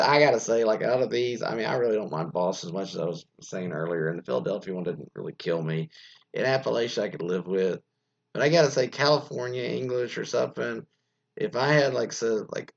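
A man's voice: fairly low pitch, gravelly, lo-fi sound. A man hosting a podcast alone, reading from an article and rambling through offhand, profane asides with many fillers. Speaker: podcast host. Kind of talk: casual solo commentary reading from an article.

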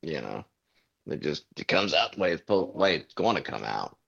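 A man co-hosting a podcast, chatting casually with jokey, quick interjections. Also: very deep voice, big pitch swings, gravelly, a bit bright. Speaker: podcast co-host. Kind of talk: casual conversational chat. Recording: dull lo-fi sound.

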